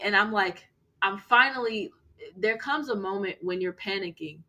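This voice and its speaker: A woman's voice: medium pitch, expressive, normal speed, fairly bright tone. A woman hosting a podcast, telling a personal story in an earnest, emphatic way and repeating key phrases for weight. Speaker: podcast host.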